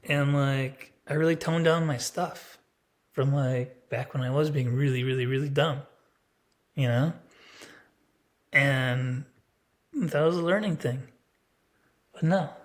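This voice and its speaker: A man's voice: medium pitch, fairly even intonation, takes it slowly, long pauses. A man in his thirties talking straight to the camera in a casual personal vlog, rambling and blunt, with lots of filler words. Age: 30s. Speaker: vlogger.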